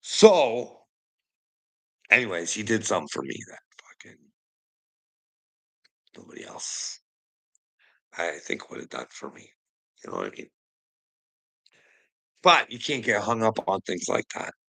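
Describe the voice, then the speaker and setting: Man from Canada, gravelly bright voice, lively pitch, rambling confessional vlog monologue full of swearing. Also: measured pace, long pauses, low-quality recording. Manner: rambling, heavy swearing, frequent "you know what I mean"; trails off quietly at phrase ends. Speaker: vlogger. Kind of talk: casual monologue to camera.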